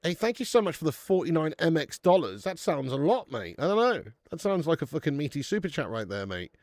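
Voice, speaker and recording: A man's voice: fairly high pitch, sing-song, a little fast, a little mellow, dry recording, clean studio sound. A young adult English man hosting a live football watch-along, chatting loosely, reading out viewer comments, swearing and laughing, and calling people mate and lad.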